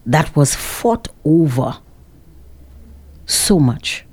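A woman with a Saint Lucian accent speaks in a low, mellow voice that swings widely in pitch. She talks unhurriedly, throwing sarcastic rhetorical questions at her listeners in an opinionated monologue. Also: sing-song, drawn-out words, husky. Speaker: social commentator.

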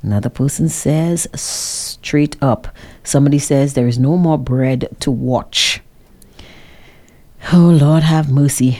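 A Saint Lucian woman hosting a call-in radio show, reading out listener comments in an animated, teasing way and laughing often. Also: a bass voice. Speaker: radio talk show host.

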